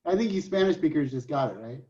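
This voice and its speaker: High-voiced joking math professor on a call. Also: male voice, expressive, fast talker, darkish tone, a little hiss or hum. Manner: joking, storytelling, chatty with restarts. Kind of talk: online class lecture. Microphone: computer mic on a video call. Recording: dull lo-fi online class audio.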